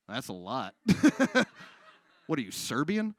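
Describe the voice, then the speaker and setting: A man doing stand-up on a live stage, with deadpan delivery and frequent crowd work. His pitch moves a lot, rising and dropping within each bit. The sound is dry and close. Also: takes it slowly, dry recording. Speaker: stand-up comedian. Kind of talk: stand-up comedy set.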